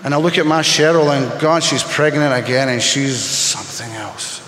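A man sharing his personal story in a candid, emotional, halting way, speaking as a testimony to a gathered audience. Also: medium pitch, fairly bright tone, a little hiss or hum. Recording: echoey hall with long reverb.

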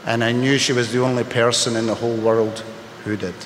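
A man sharing his personal story in a candid, emotional, halting way, speaking as a testimony to a gathered audience. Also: medium pitch, little pitch movement, a bit bright, a little hiss or hum. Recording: echoey hall with long reverb.

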